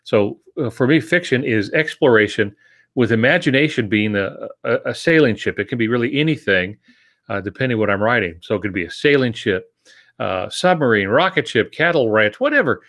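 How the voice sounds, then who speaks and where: An older man co-hosting a writing podcast, speaking in a measured, teacherly way with dry wit. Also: mid-range voice, animated, fairly bright tone. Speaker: podcast co-host, writer. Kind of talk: casual podcast chat.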